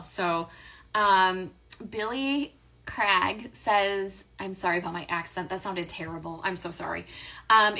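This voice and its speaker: A woman's voice: medium pitch, pushed and bright. A woman hosting a live stream, reading viewer questions and answering them in a chatty, upbeat way with many fillers and self-corrections. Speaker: host of a live stream on affiliate marketing.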